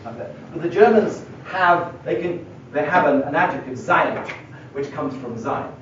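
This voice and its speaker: Writing on the board in a lecture room, this middle-aged philosophy lecturer thinks aloud and leans on key words in a fairly high, unhurried voice. The distant mic in the echoey hall gives a dull, lo-fi recording with faint hiss or hum.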